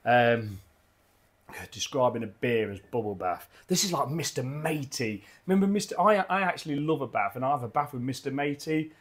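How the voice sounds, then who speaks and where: A man's voice: mid-range voice, expressive, moderate pace. An enthusiastic man, rambling casually through a beer review at his home bar, often repeating his words.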